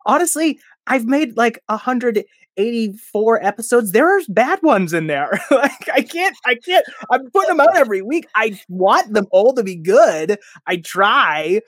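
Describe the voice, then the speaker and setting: A man's voice: very high-pitched, expressive, unhurried, fairly bright tone, dry recording, clean studio sound. A man chatting casually as a podcast guest, rambling and self-deprecating, often laughing at himself.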